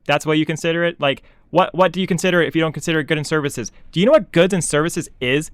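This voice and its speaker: A man's voice: a little high, fast talker, few pauses, dry recording. A young man, a VTuber, ranting in exasperated, sarcastic commentary, mocking others in quoted asides.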